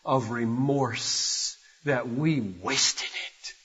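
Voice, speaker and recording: An older man, a pastor, preaching an impassioned sermon that swells from hushed to loud and urgent. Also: medium pitch, very slow. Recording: dull, echoey hall recording.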